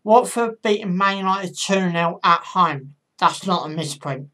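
At a measured pace, a woman with a lowish, pushed and bright voice runs her own football pundit channel. She talks through predictions for matches in a relaxed, uncertain way, often saying um and correcting herself.

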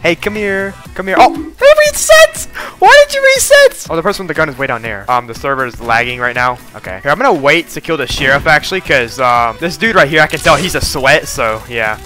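Excitable young gamer guy. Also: medium pitch, fast, few pauses, faint music behind. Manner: excitable, jokey, reads chat aloud, frequent laughs. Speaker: gaming video creator. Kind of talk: casual gameplay commentary.

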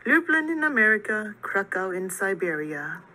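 A woman's voice: medium pitch, very animated, normal speed, bright, forceful tone, rough recording. A woman voicing a burly, good-humored young male farmer who teases and chuckles as he talks, in an audiobook reading. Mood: teasing. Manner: teasing, chuckling.

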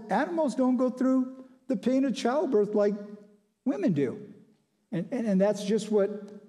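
A man's voice: high-pitched, mellow. A pastor preaching a conversational Bible sermon in a folksy, storytelling way, acting out voices as he goes. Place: church sanctuary. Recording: long hall reverb.

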